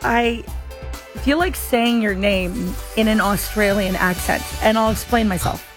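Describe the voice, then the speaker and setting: A woman's voice: mid-range voice, unhurried. A woman hosts a radio talk show, chatting easily and poking fun at herself. Faint music plays in the background. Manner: chatty, self-deprecating. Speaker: radio host.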